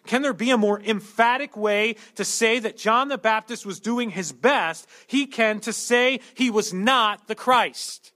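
A male pastor delivering a sermon in a high, bright voice. He talks through the text conversationally and breaks it up with joking everyday asides. His tone stays clear and forward. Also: a little slow, few pauses. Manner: conversational preaching with humorous asides.

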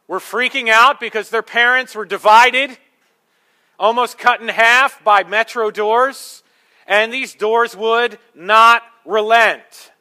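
A man preaching a sermon, telling a story with sarcastic asides and moving between loud, forceful lines and quiet ones. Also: high voice. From Michigan. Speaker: pastor.

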